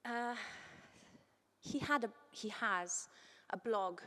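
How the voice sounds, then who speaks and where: A woman from Cyprus giving an academic conference talk, lively and informal, with quick asides and quoted voices. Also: a little high. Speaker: conference speaker. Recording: long reverb of a large hall.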